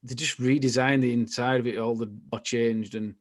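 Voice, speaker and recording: A man's voice: medium pitch, fairly even intonation, moderate pace. A man, co-hosting a casual chat podcast in an easygoing, rambling way that often trails off. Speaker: podcast co-host.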